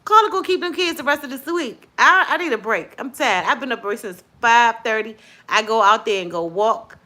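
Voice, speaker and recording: A middle-aged woman hosting a casual live stream, lively and preachy, praising God between her chatter. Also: on the high side. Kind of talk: casual chat with viewers and callers.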